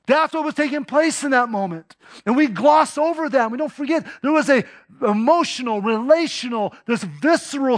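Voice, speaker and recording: A man's voice: extremely high pitch, a bit bright. A man preaching a sermon as pastor, emphatic, piling up rhetorical questions and long lists.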